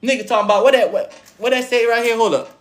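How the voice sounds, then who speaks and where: A man with an accent and an extremely high-pitched voice talks fast, preaching casually to viewers as a spiritual teacher. He's profane and streetwise, firing off rhetorical questions.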